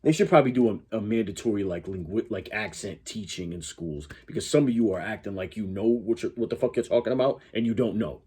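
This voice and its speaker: Husky man ranting in a reaction video. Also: on the low side, quick pace, hardly any pauses, dark tone. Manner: blunt, profane, argumentative. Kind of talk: casual reaction commentary.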